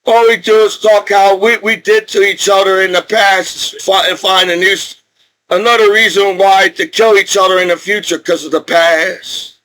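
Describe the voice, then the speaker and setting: Agitated high-voiced veteran man ranting. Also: steady tone, normal speed, sharp tone, low-quality recording. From New Jersey. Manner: agitated, profane, repetitive. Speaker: military veteran vlogger. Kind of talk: angry rant to camera.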